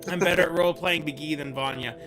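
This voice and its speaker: A man's voice: a little high, brisk, over music. A man playing in a tabletop game, chatting casually with stammering restarts and self-deprecating laughs. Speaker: player.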